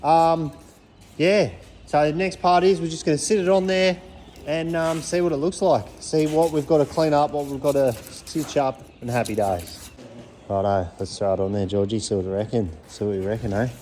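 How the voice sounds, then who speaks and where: A man's voice: on the high side, steady tone, moderate pace, a little hiss or hum. A man with an Australian accent, casually chatting upbeat to his viewers while working on a car in a panel repair workshop. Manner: upbeat, chatty, laid-back slang, yells playful calls. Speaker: vlogger. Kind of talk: casual chat.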